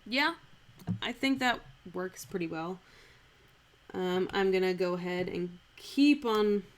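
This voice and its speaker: A woman talks through lines of old verse on a live stream, in an unhurried, chatty way. She corrects herself often and reads phrases over and over to try out where the stress falls. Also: medium pitch, lively intonation. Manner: chatty, self-correcting, repeats lines aloud to test stress. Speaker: streamer analyzing a Shakespeare speech. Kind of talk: thinking aloud while scanning verse. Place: home streaming setup.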